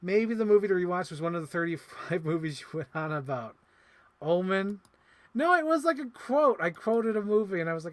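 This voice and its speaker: A man chatting casually on a live stream while unboxing toys, rambling and excitable with lots of "like.". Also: sits high, a little fast. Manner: rambling, excitable, heavy use of "like". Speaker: toy collector streamer.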